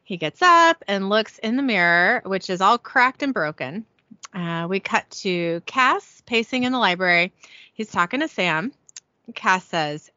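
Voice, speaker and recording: Chatty woman with a bright, dry, muffled voice. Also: mid-range voice, lively intonation, measured pace, no echo. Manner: chatty, giggly, reads out lines of dialogue. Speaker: podcast co-host recapping a TV episode. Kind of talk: casual chat. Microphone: headphones with a home mic.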